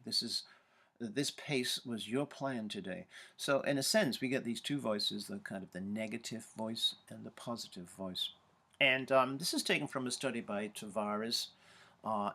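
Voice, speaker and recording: A man's voice: mid-range voice, a bit bright. Give me a man lecturing at a university, hesitant, with lots of ums and uhs. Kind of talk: recorded lecture.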